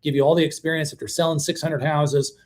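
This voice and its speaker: Hosting a live stream for his mobile home channel, a man talks fast in a slightly high voice. His casual delivery is blunt and animated, full of fillers and restarted sentences.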